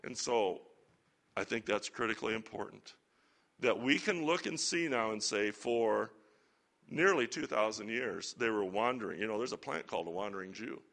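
Folksy, bright-voiced male Bible teacher. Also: lowish voice, animated, normal speed, creaky. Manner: conversational, folksy, with asides. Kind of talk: sermon-style Bible lesson. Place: church or lecture hall with slides.

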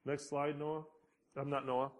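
A man preaching a sermon, slow and deliberate, building emphasis on key words. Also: fairly high pitch, flat delivery. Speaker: pastor.

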